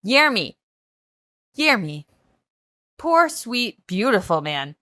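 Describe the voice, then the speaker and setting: Sarcastic high-voiced woman podcast host. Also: big pitch swings, slow, pushed and bright, no room sound, clean studio sound. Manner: sarcastic, exasperated ranting. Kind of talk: casual reality-TV recap chat.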